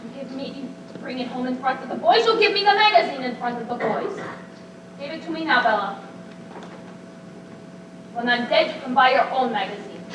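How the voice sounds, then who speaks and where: A woman's voice: sits high, lively intonation, moderate pace, long pauses, fairly bright tone, slight background noise. A woman playing a stern, domineering old grandmother in an amateur stage play, recorded from far off on an echoey stage. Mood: commanding. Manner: harsh, commanding.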